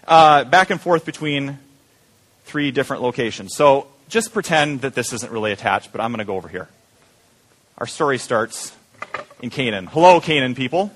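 A man preaching to his congregation in a loose, joking way, often asking them to say words back to him. His voice sits a little high for a man. He talks like a friendly pastor walking through a Bible story. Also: bright, forceful tone, slightly rough. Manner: jokey, engaging the audience with call-and-response. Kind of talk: sermon.

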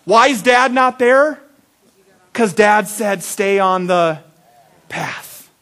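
A man preaching a sermon, telling a childhood story with acted-out voices and big swings between loud and soft. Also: sits high, animated, takes it slowly. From Iowa. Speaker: pastor.

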